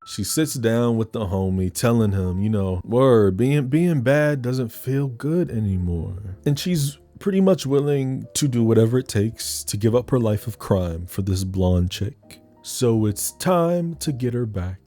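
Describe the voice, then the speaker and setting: A man's voice: fairly low pitch, lively intonation, unhurried, hardly any pauses, mellow, faint music behind. A man giving a casual, sassy movie recap with crude joking asides. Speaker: film recap host.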